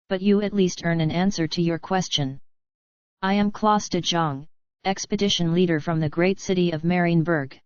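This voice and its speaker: A woman reading a fan story aloud in a steady, even narration, close to the mic. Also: lowish voice, normal speed, smooth, no echo, dull audio.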